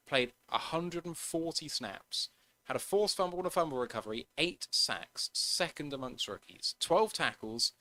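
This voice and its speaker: A man's voice: mid-range voice, sharp tone. A man co-hosting a sports podcast, casually running through a player's numbers and laughing at his own slips. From United Kingdom. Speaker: podcast co-host.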